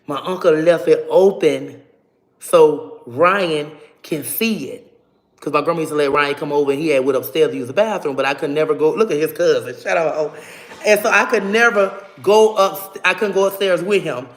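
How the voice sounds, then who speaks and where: A woman telling a personal story to her viewers in a casual, animated and profane way. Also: sits low, moderate pace. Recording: roomy echo.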